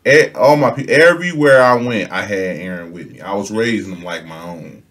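A man's voice: lowish voice, moderate pace. A young man telling a comedic storytime on his own channel, slangy and laughing, acting out the people in his story. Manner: animated, laughing, slangy, acts out quotes. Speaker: storytelling vlogger.

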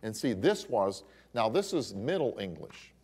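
A man teaching a Bible history class, who tells the story in a lively way with exclamations. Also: on the low side, unhurried, breathy edge. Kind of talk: classroom lecture.

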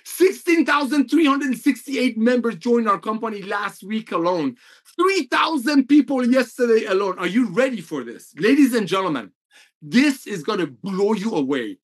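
A man who is a company executive, giving an emotional, excitable motivational update and repeating figures for emphasis. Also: sits high, normal speed. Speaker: network marketing company executive.

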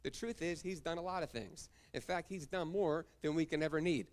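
A man's voice: fairly high pitch, a little fast. A male pastor preaching a sermon, reading scripture verses and calling out to the congregation for amens.

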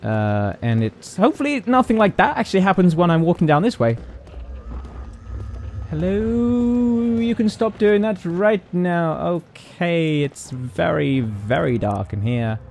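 A man's voice: fairly high pitch, expressive, measured pace, darkish tone, slight background noise. A British man commentating a horror game, jittery and jokey, chatting to objects as he goes. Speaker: gaming YouTuber. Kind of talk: horror let's-play commentary.

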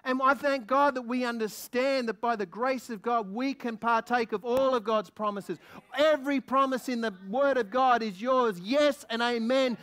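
A man preaching a sermon as a guest minister, excitable and lively, asking the congregation many questions. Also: extremely high pitch. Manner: excitable, quickens when stirred.

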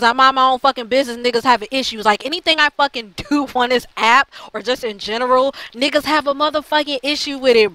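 A woman's voice: medium pitch, pushed and bright, no room sound, poor audio. A woman ranting bluntly in a heated, profane monologue to her channel, full of fillers and restarts. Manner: blunt, heated, heavy swearing; frequent fillers and repeated restarts. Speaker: channel host.

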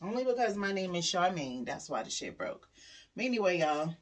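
A woman's voice: fairly low pitch, a little fast, very noisy. Profane, venting woman vlogger. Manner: frustrated venting, profane and animated, drops to quiet asides. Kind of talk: casual vlog talk to camera.

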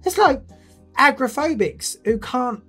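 A male host delivers a comedic rant, sweary and sarcastic, with mocking outbursts and a pitch that swings widely. His tone is expressive, unhurried, and fairly bright, with faint music underneath.

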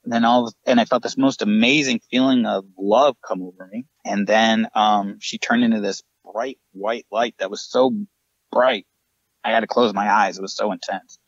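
A man's voice: lowish voice, steady tone, normal speed, dry recording, lo-fi sound. A man, a paranormal investigator, earnestly recounting his ghost encounters as a podcast guest. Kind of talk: storytelling in a podcast interview.

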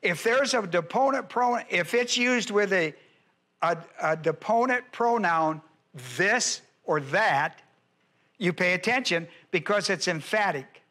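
This is unhurried verse-by-verse Bible teaching from a male pastor whose voice is high and bright. Pressing hard on each point, he repeats his key phrases and checks that listeners are keeping up, with the steady momentum of a sermon run like a class.

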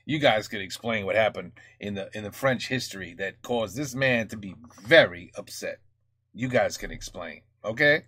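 A man from the United States reacting to a music video in casual, halting commentary full of fillers and restarts. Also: lowish voice, animated, fairly bright tone, dry recording, clean studio sound. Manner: thinking aloud, many fillers and restarts.

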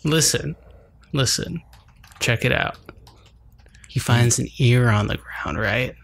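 A man's voice: medium pitch, takes it slowly, vocal fry, fairly bright tone. A man co-hosting a podcast, casually reviewing films in a blunt, joking way with casual swearing. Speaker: podcast co-host. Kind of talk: casual film review chat.

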